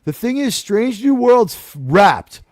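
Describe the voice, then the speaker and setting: A man's voice: very high-pitched, big pitch swings, slow pace, darkish tone, dry recording, clean studio sound. A man hosting a casual podcast panel, talking in a rambling, sarcastic way with mocking asides. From United States.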